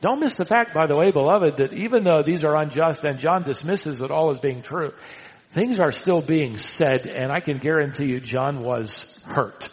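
A man preaching a sermon, swinging from loud emphatic lines to hushed, quiet ones. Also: fairly high pitch, normal speed, big-room sound, rough recording. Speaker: pastor.

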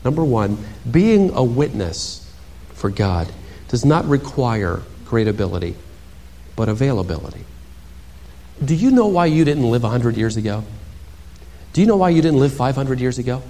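A male pastor preaching a sermon in an animated, dramatic way, moving from loud emphasis to hushed asides. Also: medium pitch, moderate pace, long pauses.

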